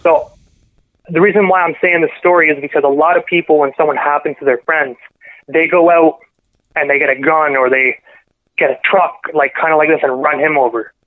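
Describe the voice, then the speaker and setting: A man's voice: on the high side, fairly even intonation. Man telling a hard story over a phone line. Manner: halting, self-correcting, earnest. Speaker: podcast guest. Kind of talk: emotional personal storytelling.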